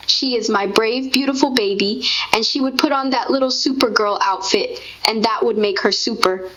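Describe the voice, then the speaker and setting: A woman's voice: a little high, a bit bright. A woman speaking as a grieving mother in a tender, heartfelt conversation. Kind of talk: intimate spoken conversation. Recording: dull lo-fi recording.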